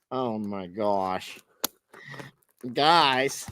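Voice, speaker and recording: A chatty man talks straight to his viewers in a relaxed, homespun way. His pitch swings up and down freely as he goes, with a bouncy, expressive lilt. It sounds like casual vlog chat between friends. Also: measured pace, pauses often, background noise. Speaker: vlog host. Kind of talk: casual vlog chat while opening gifts.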